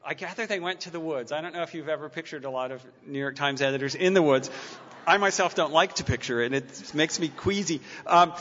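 A man's voice: a little high, fast talker, a bit bright. A man giving a public talk and then answering questions, with dry wry humor and many stammered restarts. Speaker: lecturer taking audience questions. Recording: muffled lecture-hall recording with long reverb.

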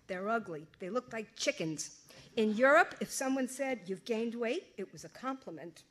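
A woman's voice: fairly high pitch, animated, normal speed. A woman reading aloud, voicing a blunt, old-fashioned middle-aged mother who scolds and dismisses. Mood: scolding.

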